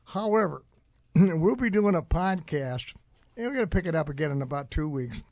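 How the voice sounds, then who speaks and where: Radio host, male, slightly high voice, dry studio sound, talks in loose rambling asides. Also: lively intonation, normal speed, darkish tone, dry recording. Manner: rambling, frequent uh fillers and restarts. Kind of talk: casual radio talk.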